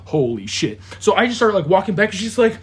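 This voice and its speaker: A high-pitched, husky young man spins a story for his podcast friends. He swears freely, trips over his own restarts and bursts into imitated noises and voices. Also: rapid-fire. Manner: animated, swears a lot, mimics sounds, many restarts. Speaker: podcast co-host. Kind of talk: casual storytelling among friends.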